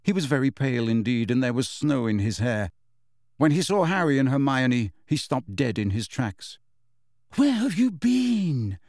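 A man narrating an audiobook in a measured storytelling manner. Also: medium pitch, expressive, a little mellow, no echo, studio quality. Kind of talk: scripted narration.

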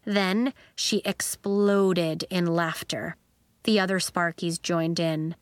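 A woman narrating a children's story in an expressive storytelling manner. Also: on the low side, takes it slowly, smooth, no room sound. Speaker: audiobook narrator.

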